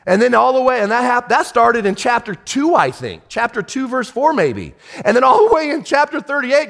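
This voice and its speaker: A man preaching a sermon as pastor, animated, swinging from shouted lines to hushed ones. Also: extremely high pitch, normal speed, creaky, long reverb tail.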